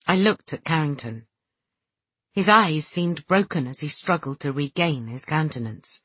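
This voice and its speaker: A woman reads a story aloud in a slow, soft and measured way. Her voice sits low and sounds husky. The recording is dry and close, with no room echo. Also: expressive. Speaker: audiobook narrator. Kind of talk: scripted narration.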